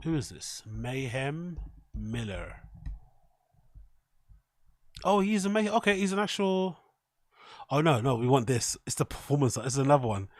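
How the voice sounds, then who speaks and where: A man talks through clips on his stream in a loose, swearing, offhand way. His voice sits at an ordinary middle pitch. The sound is close and dry, with no room around it. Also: very animated, measured pace, long pauses, a little mellow, no room sound. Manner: loose and profane, riffing on clips. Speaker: streamer host. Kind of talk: casual stream commentary.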